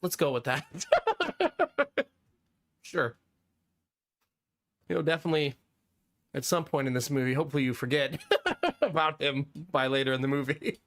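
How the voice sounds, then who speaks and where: A man's voice: on the high side, sing-song, a little slow, long pauses, fairly bright tone. A man in his thirties chatting casually on a live stream, laughing often and answering chat.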